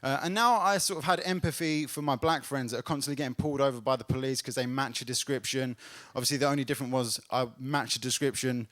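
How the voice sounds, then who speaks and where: A man performing a stand-up comedy set on a club stage, telling a story and building to loud laughs. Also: mid-range voice, steady tone, fast, few pauses.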